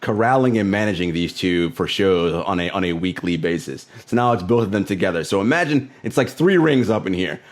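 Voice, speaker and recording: A man's voice: low-pitched, lively intonation, a little fast, few pauses. A man hosting a podcast, easygoing and thinking aloud, laughing often. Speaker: podcast host. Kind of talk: casual podcast chat.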